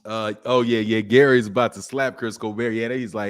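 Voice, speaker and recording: A middle-aged man hosting a boxing live stream, chatting casually with viewers while he keeps his slightly strained voice soft. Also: on the low side, steady tone, moderate pace. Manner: greets chat viewers by name, loose and joking. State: slightly strained voice, speaking softly. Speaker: boxing channel host.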